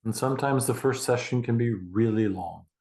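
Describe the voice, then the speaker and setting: A man leading a guided meditation, speaking slowly and deliberately with long pauses and a calm, reassuring manner. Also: medium pitch.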